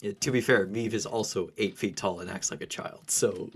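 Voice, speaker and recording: A man's voice: lowish voice, normal speed, slightly rough. A man playing a tabletop game, talking in a laid-back way and trailing off. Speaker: player. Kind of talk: casual tabletop game play.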